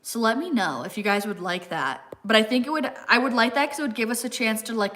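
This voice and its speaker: A bright, clear voice from a young woman chatting on a live stream. She strings thoughts together with constant "like"s, answering viewer comments in a loose, friendly way while she eats. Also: medium pitch. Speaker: fitness content creator. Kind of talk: casual live-stream chat reading comments.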